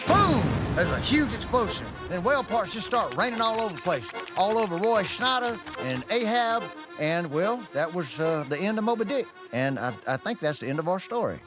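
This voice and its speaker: An actor playing a laid-back, folksy washed-up cowboy pitchman who drawls and keeps saying "man.". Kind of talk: comedic ad acting.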